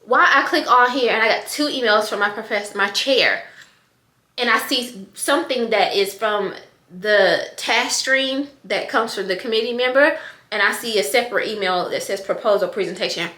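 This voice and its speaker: A middle-aged woman talking casually to the camera in a vlog, excited and emotional, often calling her viewers "y'all". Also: on the high side, moderate pace. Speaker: vlogger. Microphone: camera on desk. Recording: echoey room.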